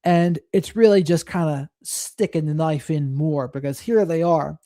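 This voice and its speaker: A man hosts a live stream, thinking aloud about a clip and reading out viewer comments. His voice is mellow and dark, and it sounds dry and close to the mic. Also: fairly high pitch, unhurried, no room sound. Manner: reflective, reads chat and thanks viewers. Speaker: host of a live stream reacting to clips.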